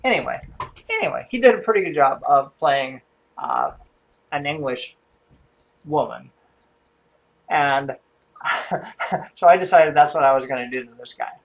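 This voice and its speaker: A man's voice: on the high side, lively intonation, unhurried, long pauses, highs cut off. A man telling a true workplace story in a casual, wry way, chuckling as he goes.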